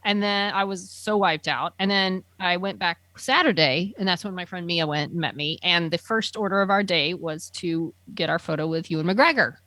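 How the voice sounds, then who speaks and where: A woman's voice: on the low side, normal speed, hardly any pauses, bright, forceful tone, dry recording. A woman chatting casually, telling an enthusiastic story full of fillers like "um" and "like". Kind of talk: casual chat.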